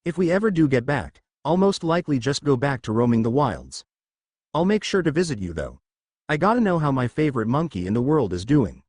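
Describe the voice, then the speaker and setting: A man's voice: mid-range voice, very animated, a little fast, a little mellow, dry recording, studio quality. A man voicing a shy young fox spirit woman in human form, meek and stammering, in a fan fiction audiobook. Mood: bashful.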